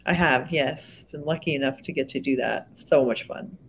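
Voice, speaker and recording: A woman co-hosting a trivia show, bubbly and quick to laugh and agree. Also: rumbling low, a little hiss or hum. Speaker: co-host. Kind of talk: casual banter on a trivia show.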